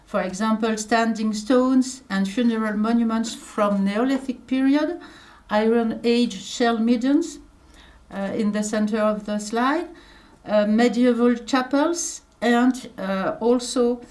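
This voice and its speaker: A woman's voice: a little high, a little mellow. French-accented woman giving a lecture. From France. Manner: careful and hesitant, many pauses and uh fillers. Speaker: archaeologist giving a conference talk. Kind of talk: conference lecture.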